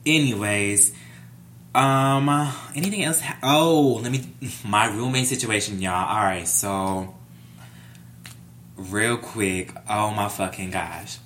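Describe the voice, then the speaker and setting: A young adult man vlogging a casual storytime, animated and profane, playing up every scene. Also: on the low side, slow pace, a little hiss or hum.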